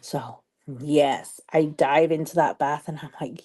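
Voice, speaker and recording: Her voice is deep and darkish, delivered at a measured pace, as this vlogger and social media strategist does her makeup live. She tells a story casually, sounding exasperated and leaning on emphatic repetition.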